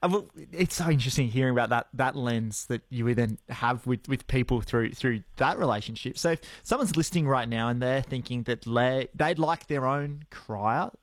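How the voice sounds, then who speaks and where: A man's voice: mid-range voice, normal speed, hardly any pauses, dry recording. A man hosting a radio interview, asking friendly, enthusiastic questions. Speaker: radio host.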